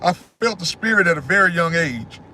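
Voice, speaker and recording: A man hosting a casual livestream, answering his chat in a loud, preachy way and repeating phrases. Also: sits high, lively intonation, fairly quick, slight background noise.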